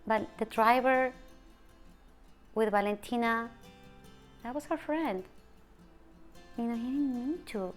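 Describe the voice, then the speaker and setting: Speaking softly and haltingly, a middle-aged woman talks as a grieving mother in a personal, emotional interview. Her voice is mid-range, and any speech she quotes comes out hushed.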